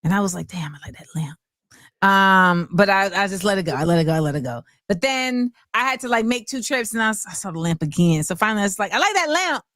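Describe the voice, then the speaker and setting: Woman host chatting loose, middle pitch, dry sound, acts out quotes when she tells a story. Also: fast, few pauses, fairly bright tone, dry recording. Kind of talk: casual chat.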